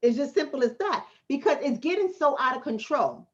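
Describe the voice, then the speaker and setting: Her voice sits high and sounds animated and a little fast, captured with lo-fi sound. She's from the Bronx, New York City, a relationship coach hosting a casual livestream who answers chat bluntly and streetwise, driving points home by repeating them.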